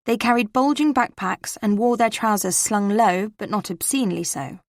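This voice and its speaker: A woman narrating a cozy mystery audiobook in the first person, in a measured, wry manner. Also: mid-range voice, no room sound, clean studio sound.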